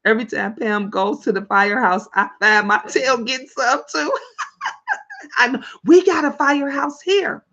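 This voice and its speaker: Animated chatty Chicago woman. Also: fairly high pitch, moderate pace, hardly any pauses. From Illinois, USA. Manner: animated, chatty, laughs often. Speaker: livestream host. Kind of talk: casual livestream chat, reading comments aloud. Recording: lo-fi webcam audio.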